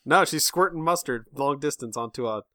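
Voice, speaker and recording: A man's voice: medium pitch, brisk, pushed and bright, dry recording. A man joining in casual chat with wry, teasing banter.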